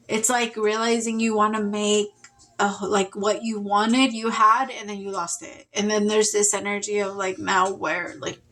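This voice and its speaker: A woman talks through a tarot reading in a loose, heartfelt way. She rambles and restarts, sighing now and then as she speaks. Her voice sits at an ordinary middle pitch. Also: fairly bright tone. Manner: emotional, rambling, with sighs and laughs. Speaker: tarot reader. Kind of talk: casual spoken tarot reading.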